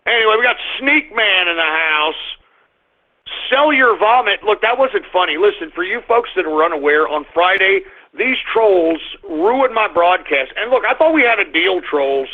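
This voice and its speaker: A man's voice: high-pitched, expressive, moderate pace. A man hosting a live radio show, griping and blustering at his listeners. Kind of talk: live call-in radio rant. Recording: tinny phone-like sound.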